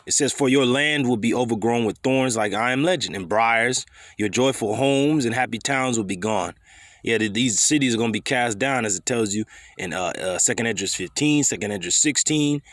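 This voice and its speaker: A man's voice: medium pitch, a bit bright, no echo, studio quality. A man preaching a blunt, confrontational scripture sermon full of profanity and street slang.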